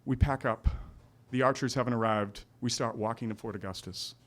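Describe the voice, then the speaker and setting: Animated storyteller, male, acts out lines at a live show. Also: mid-range voice, fairly quick. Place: restaurant storytelling night.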